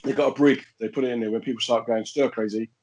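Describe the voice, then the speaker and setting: A man's voice: mid-range voice, fairly even intonation, quick pace, a little mellow, poor audio. A man co-hosting a podcast, chatting casually and joking around. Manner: jokey, acts out voices in his stories. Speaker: podcast co-host. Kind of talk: casual chat.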